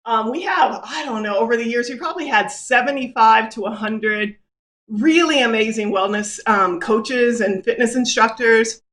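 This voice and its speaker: A woman's voice: fairly high pitch, normal speed, a bit bright. A woman co-hosting an online celebration over a video call, exuberant and laughing. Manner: exuberant, laughing, hype chant calls. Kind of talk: lively casual livestream hosting.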